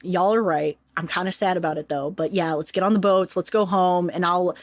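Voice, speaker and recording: A woman's voice: fairly low pitch, steady tone, brisk, dry recording, close to an everyday voice. A woman voicing a brash ancient male conqueror who swears and talks in modern slang. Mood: resigned.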